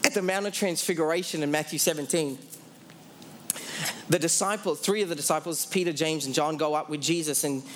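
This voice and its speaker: A man preaching a sermon to a congregation. He asks the audience questions, answers them himself, and slows down hard on the key phrases. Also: on the high side, a bit bright, slight background noise.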